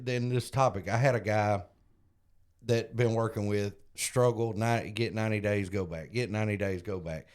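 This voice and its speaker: A man co-hosting a recovery podcast, telling a story in an earnest, casual way and growing animated when he retells conversations. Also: on the low side, clean tone. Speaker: podcast co-host and sponsor.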